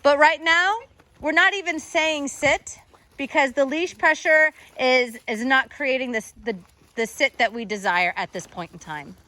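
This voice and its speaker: Bright high-voiced woman coaching a trainee. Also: a little slow. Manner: encouraging, instructive, praises the dog often. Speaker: dog trainer. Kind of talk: hands-on coaching instruction.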